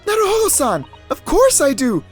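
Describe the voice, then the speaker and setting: Player doing a high excited young woman, polite and eager, swooping pitch. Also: moderate pace, soft background music. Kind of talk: let's play voice acting.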